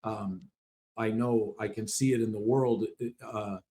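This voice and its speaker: A man co-hosting a podcast about dog training, talking in animated, casual chat with a lot of swearing and quick acted-out voices. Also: fairly low pitch, a little hiss or hum.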